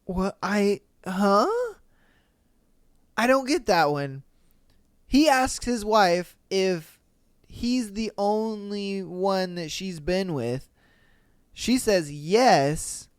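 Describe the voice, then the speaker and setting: A man's voice: high voice, expressive, drawn-out words, long pauses, clean tone, dry recording, clean studio sound. A man hosting a podcast, reading listener posts in casual, slangy commentary with laid-back, chuckling asides. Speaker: podcast host. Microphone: studio podcast mic.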